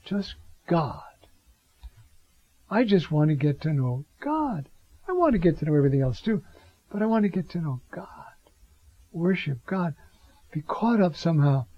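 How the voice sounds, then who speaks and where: Slow, husky male Bible teacher. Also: high-pitched, no room sound. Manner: reflective, rhetorical asides, drawn-out Greek phrases. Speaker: preacher teaching scripture. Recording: dull lo-fi sound.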